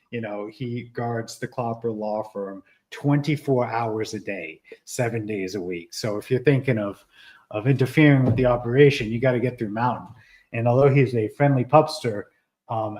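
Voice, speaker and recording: A man hosting a casual live stream, talking in an animated way with many fillers and restarts. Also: mid-range voice, low-quality recording. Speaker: livestream host.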